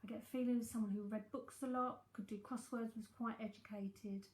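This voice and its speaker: A woman with a London accent talks her way through a psychic reading, rambling and thinking aloud as she goes. Her voice sits a little high, and the room around her rings with a noticeable echo. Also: fairly even intonation, a little fast, a little mellow. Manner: chatty, rambling, thinking aloud with many fillers. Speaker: psychic medium. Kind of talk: live-streamed reading, casual chat.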